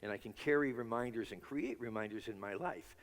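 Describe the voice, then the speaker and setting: A man's voice: lowish voice, fairly quick. Earnest male minister in echoing hall. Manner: earnest, leads congregation in spoken affirmations. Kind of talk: sermon. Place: large church sanctuary. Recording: long hall reverb.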